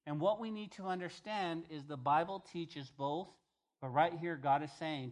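A man's voice: on the high side, moderate pace. Man preaching a casual verse-by-verse sermon. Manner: conversational preaching, reads scripture aloud and paraphrases it. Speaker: pastor.

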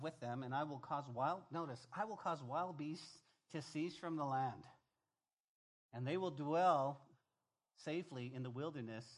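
An older man preaching to his congregation in a lively, chatty way, stopping often to talk to them directly. His voice sits a touch higher than most men's. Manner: animated, conversational preaching with asides to the congregation. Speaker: pastor. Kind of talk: sermon.

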